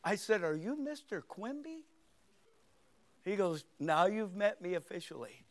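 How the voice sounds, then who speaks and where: A man in his sixties preaching a sermon, telling a folksy story and acting out the voices in it before rising into forceful preaching on scripture. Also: high-pitched, sing-song, a little slow. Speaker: pastor.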